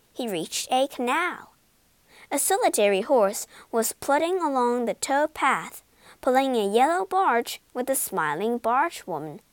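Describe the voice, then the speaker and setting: Slow, lively woman storyteller. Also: sits high, dry recording. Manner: expressive, deliberate. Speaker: narrator. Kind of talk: storybook read-aloud narration.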